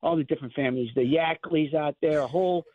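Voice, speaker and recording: A man's voice: fairly high pitch, no room sound. Rambling fifty-something man on a phone line. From Chicago area. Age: 50s. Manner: rambling, halting storyteller. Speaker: guest actor. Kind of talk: phone-in interview chat.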